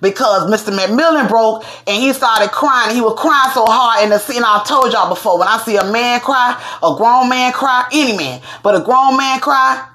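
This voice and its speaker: A woman's voice: fairly high pitch, moderate pace, few pauses, pushed and bright. A woman hosting a show, giving casual commentary in a blunt, emphatic way and swearing freely. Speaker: host.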